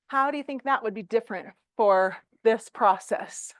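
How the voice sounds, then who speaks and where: Middle-aged woman trainer, slightly high voice, chatty and lively, dry sound. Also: takes it slowly, no echo. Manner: chatty, animated, with frequent fillers and laughs. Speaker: real estate trainer. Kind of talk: classroom training talk.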